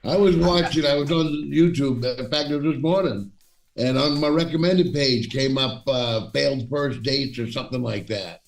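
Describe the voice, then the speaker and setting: A man's voice: mid-range voice, moderate pace, vocal fry. A man co-hosting a casual chat, telling rambling anecdotes. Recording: echoey room, distant mic.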